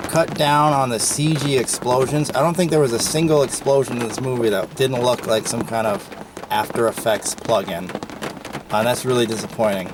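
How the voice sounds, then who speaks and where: A man's voice: medium pitch, steady tone, normal speed, background noise. A man hosting a podcast, giving a casual, opinionated movie review with frequent ums and uhs. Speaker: podcast host.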